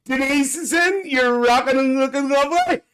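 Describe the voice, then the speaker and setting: A man's voice: extremely high pitch, normal speed, fairly bright tone. A man playing a cheeky, gossipy Northern Irish aunty with a Northern Irish accent, hosting a live stream in chatty, bawdy banter full of cackles.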